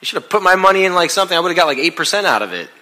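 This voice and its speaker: Man voicing an angry rich boss, scolding, indignant, bright forceful tone, somewhat high. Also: big pitch swings, very fast, heavily acted. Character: furious, harsh billionaire male boss.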